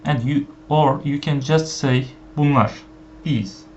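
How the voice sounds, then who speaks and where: A man whose first language is Turkish gives an online language lesson, speaking slowly with many fillers and repeating each example phrase. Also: mid-range voice, darkish tone. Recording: dull lo-fi sound with faint background hiss.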